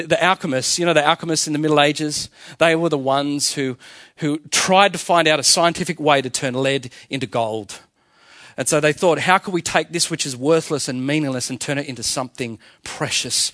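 Male pastor with a fairly high voice, emphatic sermon delivery, dry close-miked sound. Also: a bit bright, no room sound. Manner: emphatic preaching with rhetorical questions. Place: church.

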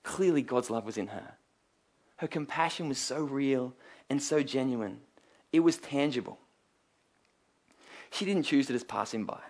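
A man's voice: medium pitch, expressive, unhurried, pauses often, darkish tone. A man preaching a sermon, earnest and emphatic, telling stories and asking rhetorical questions.

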